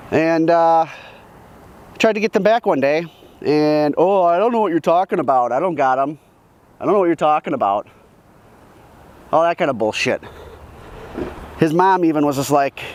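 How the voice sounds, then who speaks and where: A man with a slightly high voice rambles through old neighborhood stories, cursing freely and correcting himself mid-sentence. Faint outdoor noise hums behind him as he walks and later drives. The tone is an offhand, casual vlog. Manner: rambling, profane, self-correcting. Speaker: vlogger. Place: outdoors, then in his car.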